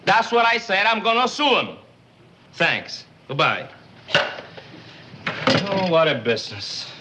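An actor with a Cuban accent playing a busy, harried bandleader husband who talks briskly and with exasperation, from an old sitcom clip. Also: male voice, high voice, sing-song, sharp tone, slight background noise, full character voice.

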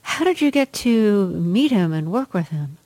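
A woman interviewer asking measured, informed questions. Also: medium pitch, big pitch swings, darkish tone, no echo. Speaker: interviewer, host.

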